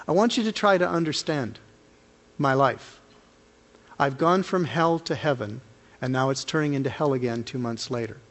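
A male associate pastor preaching a personal testimony, earnest and emotional, with big swings in pitch and force. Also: in a large hall. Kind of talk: sermon testimony.

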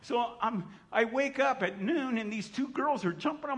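A middle-aged man preaching, telling his testimony in an animated storytelling manner, acting out voices and sometimes shouting. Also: extremely high pitch, unhurried, hardly any pauses, a faint crowd. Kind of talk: sermon testimony.

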